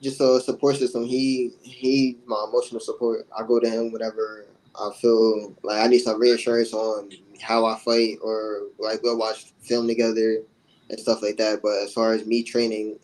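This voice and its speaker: Young male fighter, low-key and steady, low monotone. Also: normal speed, rough recording. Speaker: boxer. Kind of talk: casual interview.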